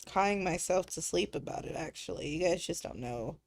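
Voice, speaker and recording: A woman's voice: fairly low pitch, animated, moderate pace, hardly any pauses. A woman streamer in casual chat, joking crudely and laughing often, trailing off into fillers between thoughts. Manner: crude teasing humor with frequent laughter.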